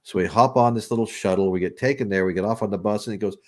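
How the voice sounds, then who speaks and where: This podcast host has a lowish, slightly mellow voice and talks very fast. In casual storytelling chat, he tells a long story in a rambling way, restarting repeatedly and laughing.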